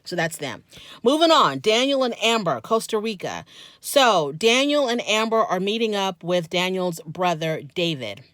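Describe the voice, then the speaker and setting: A woman's voice: mid-range voice, very animated, normal speed, a bit bright, dry recording, studio quality. Chatty, opinionated woman recapping reality TV. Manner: chatty, opinionated, talks straight to viewers. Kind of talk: casual commentary.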